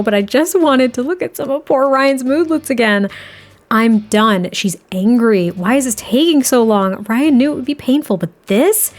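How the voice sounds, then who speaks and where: A young woman narrating a life-sim game in a chatty, giggly way, full of little fillers. Her voice sits on the high side, and she keeps a relaxed, friendly flow of commentary. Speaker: gameplay creator. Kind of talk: casual gameplay commentary.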